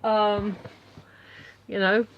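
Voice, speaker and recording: A woman's voice: medium pitch, little pitch movement, very slow, muffled recording. A woman talking casually to camera at home in a vlog, rambling through her thoughts with lots of fillers and restarts. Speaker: vlogger.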